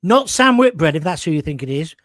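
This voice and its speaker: A man's voice: on the high side, big pitch swings, brisk, fairly bright tone, dry recording, studio quality. A middle-aged man hosting, telling a rambling story with frequent swearing, restarts and asides. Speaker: host. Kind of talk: casual storytelling monologue.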